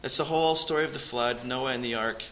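A man preaching in a church, his voice very bright and ringing. He speaks earnestly and directly to the people in front of him, lifting his pitch and volume to press home each point. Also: quick pace, a little hiss or hum, low-quality recording. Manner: earnest, rises in pitch and volume for emphasis, addresses the congregation directly. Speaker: pastor. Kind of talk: sermon.

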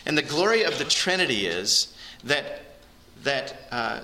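A man's voice: medium pitch, big pitch swings, unhurried, sharp tone, slight background noise. A man preaching a sermon as a pastor, earnest and rising in emphasis on key phrases.

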